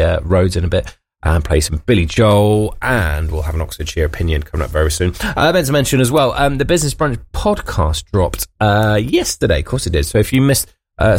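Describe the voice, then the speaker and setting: Chatty breakfast radio host. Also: male voice, on the low side, dry recording. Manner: chatty, jokey, frequent ums and uhs. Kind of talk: casual radio presenting. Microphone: studio microphone.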